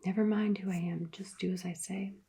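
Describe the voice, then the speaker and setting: A woman voicing a threatening male stranger of about thirty in a whispered role-play, giving low, clipped commands. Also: steady tone, fairly quick, vocal fry, warm tone, breathy edge. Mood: menacing.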